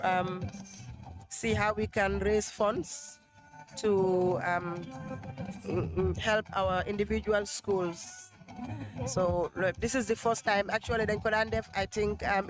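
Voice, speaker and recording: Hoarse woman over music. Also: mid-range voice. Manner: chatty, laughs often. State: losing her voice. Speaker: interviewee, event decorator and shop owner. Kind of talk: casual interview mixing Wolof and English. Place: outdoor gala event.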